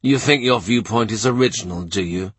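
A man's voice: lowish voice, fairly quick, a bit bright, slightly rough, no echo. A man reading an audiobook, voicing a weary middle-aged lawyer who talks in a dry, blunt, gloomy way.

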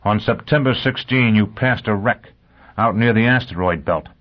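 A hard-driven spaceman barks short, clipped orders and grunts his answers, as a male audiobook reader voices him. His voice sits fairly low and the recording sounds dull and lo-fi. It has the feel of a plain audiobook character reading. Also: normal speed, natural voice. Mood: interrogating.

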